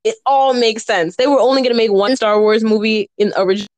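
On a casual podcast chat, an animated woman co-host tells stories in a fairly high voice, talking fast. She acts out quotes and laughs often.

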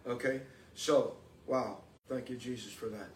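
Unhurried and mid-range, with fairly even intonation, this preacher and podcast host leads an emphatic call-and-response sermon that builds up to exclamations. The room is echoey, the mic is distant, and there's faint noise.

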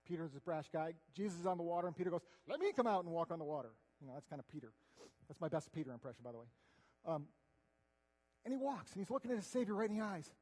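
Guy preaching, pretty high voice, gets loud then goes quiet, big reverby hall. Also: animated, racing. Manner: earnest, conversational, swings between loud and hushed. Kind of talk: sermon.

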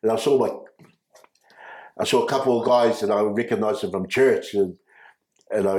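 A man, recounting his life as an interview guest, halting with restarts and frequent chuckles. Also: fairly low pitch, darkish tone. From New Zealand. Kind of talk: personal storytelling. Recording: echoey room.

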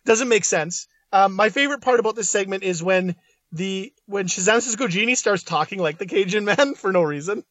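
Young male podcast co-host, higher voice, profane and jokey. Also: normal speed, a bit bright, no echo, muffled recording. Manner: laughing, blunt and profane. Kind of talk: casual podcast chat.

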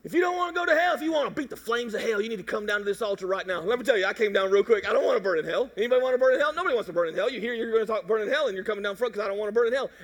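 A middle-aged pastor from Mississippi, preaching in an animated, jokey way and acting out voices. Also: male voice, sits high, long reverb tail. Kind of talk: sermon.

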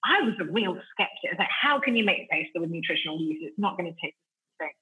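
A woman's voice: fairly low pitch, lively intonation, fast, pushed and bright, rough recording. A middle-aged woman with an Italian accent, talking enthusiastically as a podcast guest, with lots of fillers and restarts. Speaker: guest, food company founder. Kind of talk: casual podcast interview.

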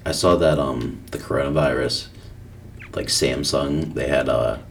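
A man's voice: very deep voice, steady tone, measured pace, gravelly, far from the mic, a little hiss or hum. A young man co-hosting a casual podcast, crude and slangy, laughing often. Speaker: podcast co-host. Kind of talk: casual chat.

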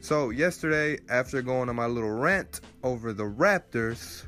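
A man's voice: mid-range voice, moderate pace, soft background music. A young man hosting his own sports podcast, ranting angrily and swearing, his voice climbing in outrage. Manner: angry ranting, swears, rising to near shouts. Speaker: podcast host. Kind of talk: solo sports rant podcast.

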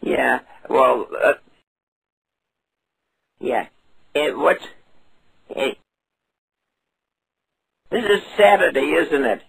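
A man doing a creaky, confused old lady. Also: fairly high pitch, expressive, extremely slow, pauses often, a bit bright, exaggerated voice, poor audio. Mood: dithering. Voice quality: creaky, husky. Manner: rambling, repeats words, loses track. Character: confused, dithering elderly woman on a prank call. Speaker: prank caller.

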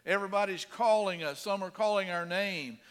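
A middle-aged male pastor preaching a sermon in an earnest manner, swinging between quiet asides and emphatic stresses. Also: high-pitched, brisk, smooth, long reverb tail.

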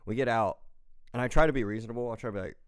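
A young man telling a heated story in a relaxed podcast chat. He swears freely and acts out shouted lines in his quotes. His voice sits at an ordinary middle pitch. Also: very fast, clear, resonant tone. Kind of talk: casual chat.

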